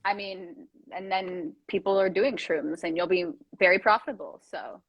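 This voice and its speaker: A young woman hosting a casual chat, animated and jokey, often laughing. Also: on the low side, normal speed, husky, dry recording, muffled recording. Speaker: host.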